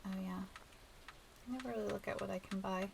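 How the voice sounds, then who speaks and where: A woman with a nasal, stuffed-up voice, chatting softly and rambling as she hosts a relaxed game playthrough. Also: medium pitch, fast talker, gravelly, slight background noise, poor audio. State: stuffy nose. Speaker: let's play host. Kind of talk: relaxed gameplay commentary.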